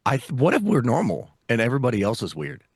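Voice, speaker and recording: A man's voice: mid-range voice, wildly swooping pitch, fast, husky, no echo, clean studio sound. A man co-hosting a podcast in casual chat, swearing freely and calling his friend "dude". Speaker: podcast co-host.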